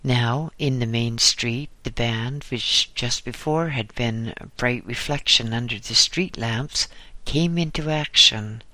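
A man narrating a story at a slow, unhurried pace. His voice is bright and crisp, and the recording sounds dry and close. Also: medium pitch, no echo. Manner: measured, descriptive storytelling. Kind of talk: scripted narration.

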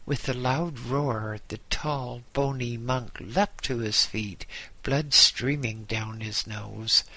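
A man's voice: medium pitch, pushed and bright. A man narrating a story in the first person and voicing its characters' lines. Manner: measured storytelling with voiced dialogue. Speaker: audiobook narrator. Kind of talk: scripted narration.

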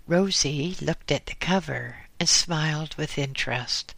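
A slow, measured audiobook narrator with a bright, forward tone. The recording is dry and close, with no room sound. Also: medium pitch, gravelly, dry recording. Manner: slow, measured reading with quoted dialogue. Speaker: audiobook reader.

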